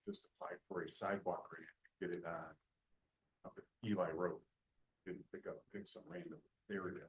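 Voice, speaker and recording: A man's voice: low-pitched, flat delivery, normal speed, breathy edge. A man at a town committee meeting, making short, matter-of-fact remarks from far off the mic.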